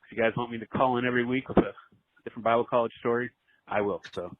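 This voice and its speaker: Caller, man in his forties, earnest halting storyteller, tinny phone line. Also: mid-range voice, fairly even intonation, no echo. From Southern California. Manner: earnest, halting, many fillers. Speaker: voicemail caller. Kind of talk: storytelling voicemail.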